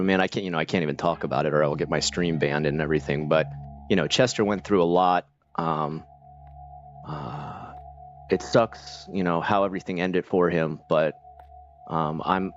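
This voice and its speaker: A low-voiced man chats loosely while streaming a game, full of fillers and restarts as his thoughts wander. The audio is dull and lo-fi. Faint music plays underneath. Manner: rambling, many fillers and restarts. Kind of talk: casual live-stream chat while playing.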